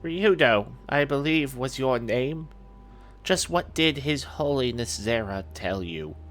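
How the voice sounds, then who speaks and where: A man's voice: medium pitch, animated, takes it slowly, a bit bright, a little hiss or hum. A man voicing a pompous elderly male cardinal in a fantasy game, with haughty, scolding archaic speech. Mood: condescending.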